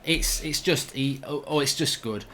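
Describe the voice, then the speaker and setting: A man commentating on his own football video game in a chatty, rambling way, erupting into loud shouts when a goal goes in. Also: on the high side, moderate pace, slight background noise. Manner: excitable, bursts into loud shouting over goals. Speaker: gaming commentator.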